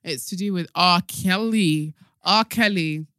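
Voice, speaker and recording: Young female host, lively casual chatter, dry close mic. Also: on the low side, no echo. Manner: animated, laughs often, quick bursts. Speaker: podcast host. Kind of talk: casual chat.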